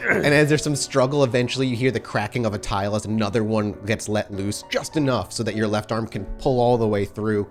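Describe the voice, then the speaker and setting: A man runs a tabletop role-playing game, describing each scene to the players in detail. His voice sits a little low. Faint music plays underneath. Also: a little fast, few pauses. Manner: descriptive, second-person scene narration. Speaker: game master.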